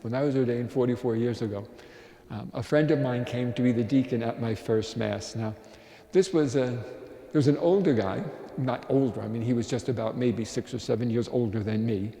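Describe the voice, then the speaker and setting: A man in his sixties, a priest, giving a slow, reflective Lenten sermon mixed with personal stories. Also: medium pitch, gravelly, mellow. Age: 60s. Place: church. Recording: echoey church with long reverb.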